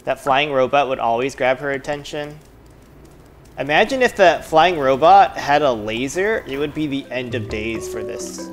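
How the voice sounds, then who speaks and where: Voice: mid-range voice, lively intonation, normal speed. Give me a casual let's-play streamer talking to viewers, with game music behind. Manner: chatty, muttering asides to self and viewers.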